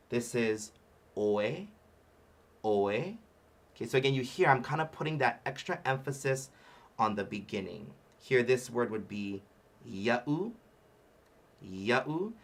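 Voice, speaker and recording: A man leading a livestream ukulele workshop. He chats casually with lots of fillers and laughs, and sounds out Hawaiian words slowly, syllable by syllable. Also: mid-range voice. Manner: chatty with frequent fillers and laughter. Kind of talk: livestream music lesson.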